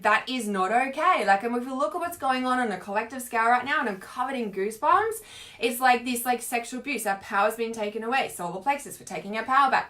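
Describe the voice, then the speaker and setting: Her voice is a little high with a fairly bright tone as she chats casually on a live stream in her role as a spiritual coach. Teary from earlier crying, she rambles, fills her speech with "like," and laughs frequently.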